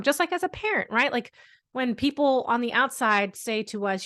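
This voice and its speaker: A woman's voice: fairly high pitch, lively intonation, moderate pace, pauses often, fairly bright tone. Candid woman talking about parenting. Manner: candid, conversational, many fillers, emphatic. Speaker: host, therapist and parent. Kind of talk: casual talk to camera.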